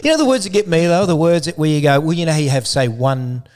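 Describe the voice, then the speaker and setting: A man's voice: a little high, fast, a little mellow. A man, co-hosting a podcast in a rambling, jokey, casual chat. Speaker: podcast co-host.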